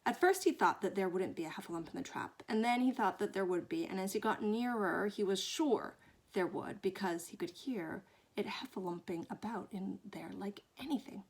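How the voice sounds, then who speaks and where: A woman reading a children's book aloud, expressive and fond, often dropping into hushed whispers. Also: medium pitch, moderate pace, breathy edge. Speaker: storyteller.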